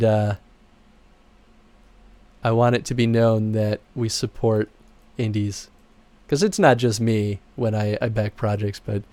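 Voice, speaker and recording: While game credits roll, a male streamer and game producer chats casually with his viewers. He laughs frequently, and excitement sends his voice shooting high.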